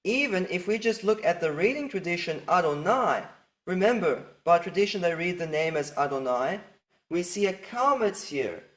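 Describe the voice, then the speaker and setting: A man's voice: high-pitched, lively intonation, normal speed, fairly bright tone. A man teaching Hebrew grammar over slides, reasoning step by step and repeating key points with emphasis. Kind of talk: explanatory lecture over slides.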